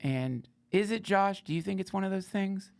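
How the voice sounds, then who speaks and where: A man's voice: high voice, normal speed, creaky, darkish tone. A man hosting a podcast, riffing in a sardonic, profane, rambling comedic monologue. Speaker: podcast host.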